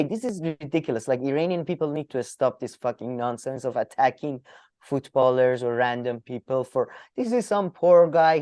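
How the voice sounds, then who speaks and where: Animated, swearing man on a chat podcast. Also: no echo, clean studio sound. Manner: animated, swears, laughs often, pitch jumps. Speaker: podcast co-host. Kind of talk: casual political chat.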